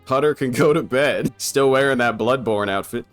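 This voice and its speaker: A man's voice: mid-range voice, moderate pace, faint music behind. A young man giving casual, comedic commentary over an old film, irreverent and profane, laughing often.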